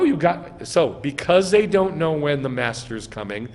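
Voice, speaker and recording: A man preaches as a rabbi, speaking slowly with a lively, swinging pitch. He asks the congregation questions, then answers them himself and hits key words hard. His voice rings out with long reverb in a hall. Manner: emphatic, stresses words. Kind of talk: sermon teaching. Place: synagogue sanctuary.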